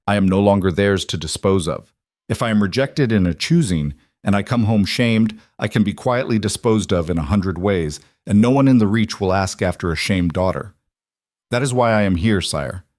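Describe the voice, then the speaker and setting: A man reading the part of a young noblewoman in an audiobook romance, speaking quietly and formally with careful restraint. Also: fairly low pitch, dry recording, clean studio sound, close to an everyday voice. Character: young noblewoman, composed and guarded.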